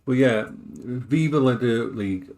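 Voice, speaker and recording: A man chats casually while he cooks on a live stream. He rambles, restarts his sentences and often repeats himself. His voice sits at an ordinary middle pitch for a man. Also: measured pace, creaky, a little mellow.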